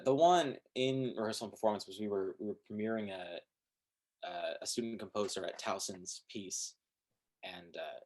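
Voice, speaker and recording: A man's voice: lowish voice, darkish tone. A man as a guest musician in a casual chat, telling stories in a rambling, self-deprecating, hesitant way.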